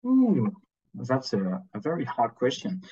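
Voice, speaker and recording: French man, careful halting English. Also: medium pitch, wildly swooping pitch, mellow, slightly rough, lo-fi sound. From France. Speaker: podcast guest. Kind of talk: casual chat.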